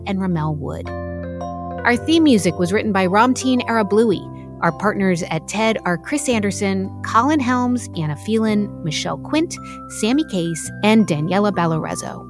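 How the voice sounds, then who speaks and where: A woman radio host reading the closing credits of her show. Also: mid-range voice. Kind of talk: scripted radio outro. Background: theme music.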